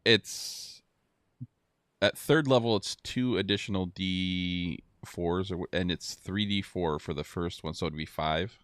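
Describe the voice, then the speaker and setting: A man's voice: low-pitched, unhurried, fairly bright tone, no echo, clean studio sound. A man running a tabletop game as game master, laid-back and laughing often.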